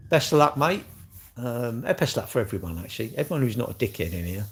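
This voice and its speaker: A man's voice: mid-range voice, big pitch swings, fast, slightly rough. An older man, chatting casually with viewers on a livestream, blunt and joking, swearing freely. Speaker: livestream host.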